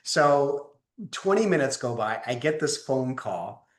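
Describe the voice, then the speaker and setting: A man telling a story in conversation, with an animated delivery that acts out each person's voice. His voice is mid-pitched and sounds roomy, recorded with a clear echo around it. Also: takes it slowly. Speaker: guest leadership teacher.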